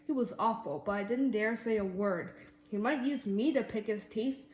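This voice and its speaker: A woman reading a children's storybook aloud in a lively way, doing voices for the mouse characters. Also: mid-range voice, normal speed, echoey room, rough recording. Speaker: reader.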